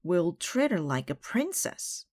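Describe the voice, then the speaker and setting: Woman reading as a pert, gentle pirate mate. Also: on the low side, sing-song, a little slow.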